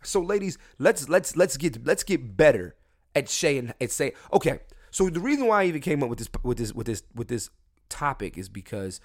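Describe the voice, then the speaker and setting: A young man hosting a solo podcast from his room at home, drunk and high, talking loosely and jokingly, with mumbled asides that break into loud emphatic bursts. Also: sing-song, normal speed. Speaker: podcast host. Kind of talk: casual solo podcast rant.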